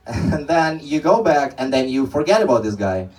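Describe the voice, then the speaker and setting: A man's voice: mid-range voice, lively intonation, normal speed, darkish tone. Male stand-up comic, distant stage sound. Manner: loose rambling storytelling with many restarts. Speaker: stand-up comedian. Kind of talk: stand-up comedy set. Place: comedy club stage.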